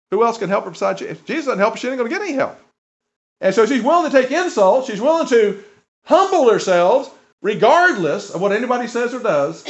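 A man preaching a sermon with a lively, swooping voice that sits a little high, retelling stories with emphatic asides and chuckles. The recording sounds dull and lo-fi. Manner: animated, emphatic storytelling with chuckles and asides to the audience.

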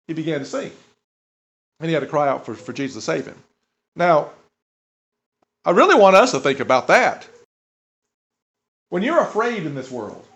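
A man's voice: on the high side, highs cut off. A man preaching a conversational sermon to a congregation, in a folksy way, asking them questions as he goes. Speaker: pastor.

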